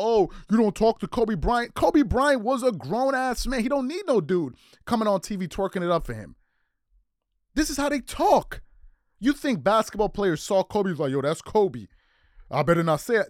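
Fired-up man ranting, high animated voice. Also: dry recording, clean studio sound. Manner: heated, incredulous, repetitive rhetorical questions. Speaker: sports commentary host. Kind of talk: animated sports rant.

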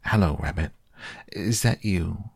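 A gentle, slow-witted storybook bear who talks softly and a little hesitantly, read by a man. The voice is deep and gravelly, with a close, dry sound. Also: no echo, full character voice. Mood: mild. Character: simple, cheerful little bear.

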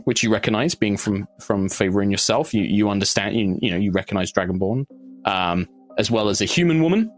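A man narrating a tabletop game as game master, meandering and halting, with many fillers and restarts. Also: fairly low pitch.

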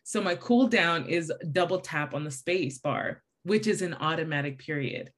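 Young woman cohost, talks fast, chatty and casual, book club podcast vibes. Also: low voice, animated. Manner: fast, chatty, calls people "babes". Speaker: podcast co-host.

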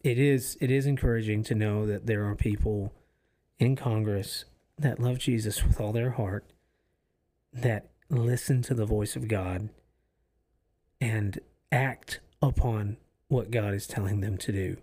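A man with a fairly low, mellow voice speaks a little slowly and with fairly even intonation. He is co-hosting a faith podcast from an office set up for recording, chatting casually in an earnest, reflective way and often stopping and restarting his sentences.

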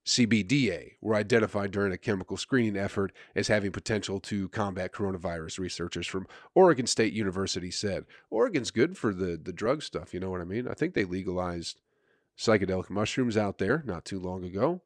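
Dude comedian doing a solo podcast, kinda low voice, crude and sarcastic, dry close sound. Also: male voice, fairly quick, dry recording. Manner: crude, sarcastic, rambling with mock self-importance. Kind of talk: casual solo podcast monologue.

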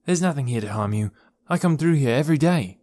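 A man voicing a gentle, kind young woman in an audiobook, soft but firm. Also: medium pitch, expressive, fast talker, dry recording, studio quality, voice pushed up, close to an everyday voice. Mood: reassuring. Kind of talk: audiobook character voice.

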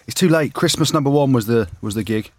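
A man's voice: medium pitch, expressive, quick pace, a little mellow, no echo. A man co-hosting a podcast, teasing his guests and laughing easily in casual banter. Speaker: podcast co-host.

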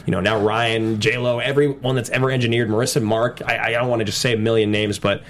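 A man co-hosting a casual studio podcast, talking in an excitable, earnest way. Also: mid-range voice, fairly quick, slight background noise. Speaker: co-host.

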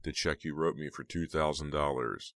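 Audiobook: very deep-voiced man as a cold, smug teen villain, slow and dry. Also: no echo. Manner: calm, cold, self-satisfied. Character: smug, menacing teenage boy killer. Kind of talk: audiobook character voice.

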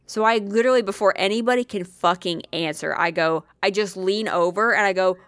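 A woman's voice: mid-range voice, fairly quick, a bit bright, no room sound. A woman telling a workplace story in casual chat, blunt and swearing often, acting out what people said.

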